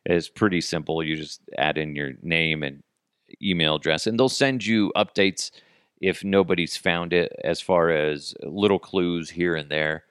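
A man's voice: sits low, unhurried, a bit bright, smooth, dry recording, studio quality. A man hosting a podcast, talking casually and rambling offhand, with frequent restarts. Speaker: podcast host. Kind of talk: casual solo commentary.

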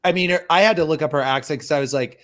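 Young male podcast co-host, slightly high voice, chatty and joking. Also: racing, fairly bright tone. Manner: chatty, joking, lots of restarts and laughs. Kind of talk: casual chat.

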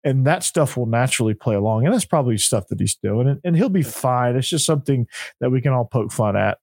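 A man's voice: medium pitch, expressive, quick pace, darkish tone, no room sound. Earnest young man, dry close mic. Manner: earnest, repeats words when starting. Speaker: podcast co-host. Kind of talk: casual sports chat.

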